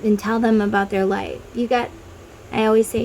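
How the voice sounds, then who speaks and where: A woman's voice: medium pitch, flat delivery, normal speed, vocal fry, a little mellow, a little hiss or hum, low-quality recording. A woman who reads tarot, talking casually to viewers and guiding them through an inner-child meditation, with chatty tangents. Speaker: tarot reader.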